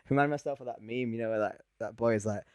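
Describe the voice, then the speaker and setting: A man's voice: mid-range voice, fast talker, clear, resonant tone, no echo. A man co-hosting a podcast, talking in a rambling, jokey, self-mocking way. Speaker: podcast co-host. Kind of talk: casual podcast banter.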